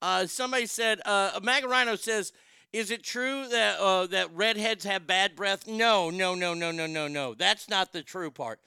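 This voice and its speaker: A man hosting a talk show, brash and wisecracking in quick banter. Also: high-pitched, creaky, bright, forceful tone, clear, resonant tone, dry recording, clean studio sound.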